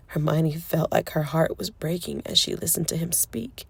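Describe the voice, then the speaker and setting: A woman narrating a romance audiobook in a soft, emotive storytelling manner. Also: low-pitched, moderate pace, gravelly, hardly any pauses, breathy edge, dry recording. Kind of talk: scripted narration.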